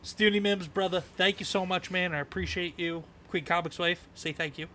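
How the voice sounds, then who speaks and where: A man hosting a podcast in casual chat, energetic, cutting in and reading out viewer donations. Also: high-pitched, normal speed, slight background noise. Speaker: podcast host.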